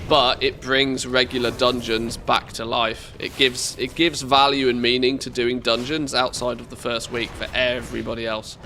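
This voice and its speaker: Stuffy nasal guy rambling on stream, gravelly edge, bright tone, cracks dry jokes. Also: mid-range voice, little pitch movement, normal speed, few pauses, slight background noise. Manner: rambling, with stumbling restarts and dry joking. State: congested from a cold. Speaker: game streamer. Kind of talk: casual live-stream commentary while playing.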